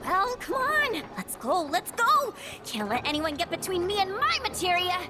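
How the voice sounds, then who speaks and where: An actress playing a brash young woman thief who talks quickly and pushily. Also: very high-pitched, very animated. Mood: cocky. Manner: quick, pushy, cheeky. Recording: game audio with music behind.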